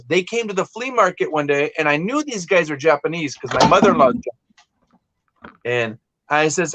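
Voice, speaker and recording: A man's voice: fairly high pitch, lively intonation, brisk, a bit bright. A man from California hosting a casual live stream, telling rambling stories with many restarts. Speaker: host.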